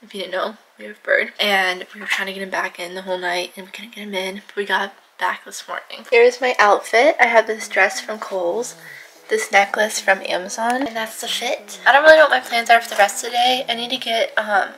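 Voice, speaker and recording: A woman's voice: medium pitch, steady tone, brisk, fairly bright tone, a little hiss or hum, low-quality recording. A seventeen-year-old girl chatting casually to her camera in a vlog, bubbly and talkative, with giggly asides. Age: teens. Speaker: vlogger. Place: at home and by a pool.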